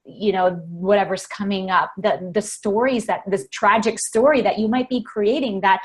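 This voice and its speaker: A woman guest on an interview, calmly explaining her coaching methods with frequent fillers. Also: mid-range voice, normal speed.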